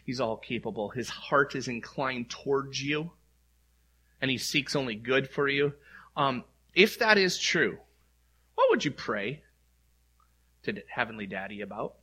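A man's voice: medium pitch, animated, a little slow, pauses often, bright, forceful tone, breathy edge. A middle-aged male pastor preaching in an earnest, conversational way, acting out heartfelt prayers aloud. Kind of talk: sermon.

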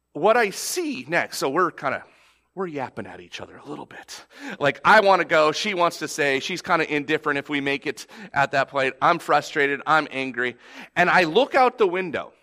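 A man in his thirties preaching a sermon in a lively, conversational way, telling a family story with quick restarts. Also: medium pitch. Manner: animated, conversational, repeats starts. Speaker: pastor.

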